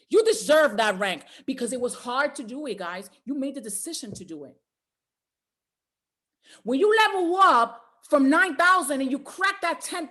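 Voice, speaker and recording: High, lively-voiced woman exhorting a group. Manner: preacher-like, exhorting, repetitive rallying lines. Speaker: motivational trainer. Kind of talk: motivational speech to a group call.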